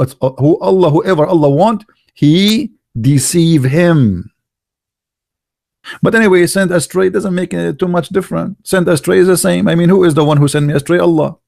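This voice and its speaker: A man's voice: a little high, normal speed, vocal fry, a little mellow, no echo, clean studio sound. A man speaking English as a second language, mocking a religious text in sarcastic, incredulous commentary. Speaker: online religion critic.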